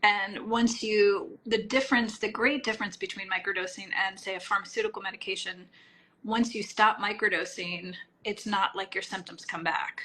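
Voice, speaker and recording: A middle-aged woman, a healing practitioner, answering interview questions in a calm, explanatory way, often trailing off softly at phrase ends. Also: medium pitch, normal speed, a little hiss or hum, low-quality recording. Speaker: microdosing practitioner, guest.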